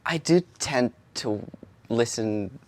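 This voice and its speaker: A man's voice: medium pitch, slow pace, a little mellow. A male interviewer asking questions in a friendly, agreeable way, with lots of short affirmations. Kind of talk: casual interview.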